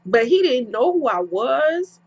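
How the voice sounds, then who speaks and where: A young woman vlogger telling a personal story in a casual, animated way, slipping into slang and acting out both sides of the conversation. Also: high voice, a little slow, husky. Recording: dull lo-fi home recording.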